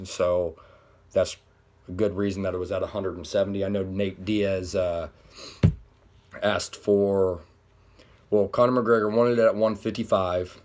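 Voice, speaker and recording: Low-voiced man rambling about fights. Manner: rambling, loose, full of asides. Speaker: MMA commentary vlogger. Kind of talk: casual commentary.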